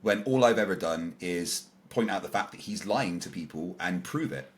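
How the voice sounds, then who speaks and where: A man with a low, deep voice tells a story as a podcast guest. He replays each exchange line by line, quoting both sides, and fills the gaps with ums, uhs and false starts. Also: expressive, moderate pace. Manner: retells encounters with quoted dialogue, many fillers and restarts. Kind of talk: casual storytelling in an interview.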